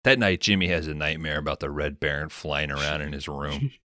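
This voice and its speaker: A man with a very low voice and a forceful, bright tone hosts a casual, comedic podcast. He recaps a movie's plot and jumps into characters' lines in quick bursts. The sound is dry and close. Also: steady tone, no room sound. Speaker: podcast host.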